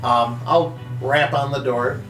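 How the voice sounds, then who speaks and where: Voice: medium pitch, steady tone, slow, reverberant, far from the mic, loud music behind the voice, low-quality recording. A player in a tabletop game, talking in a laid-back way and laughing often.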